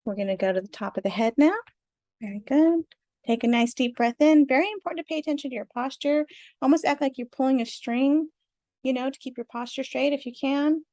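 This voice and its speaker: A middle-aged woman with a fairly high voice guides a self-help tapping session in a gentle, affirming tone. She laughs softly now and then as she reassures the listener. The sound is dry and close, with little room echo. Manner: gentle, soothing, affirming, with frequent small laughs. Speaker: tapping practitioner guiding parents.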